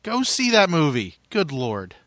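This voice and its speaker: A man's voice: a little high, huge pitch swings, measured pace, a bit bright, no room sound, clean studio sound. A man hosting a casual sports podcast, introducing segments upbeat and teasing his co-host.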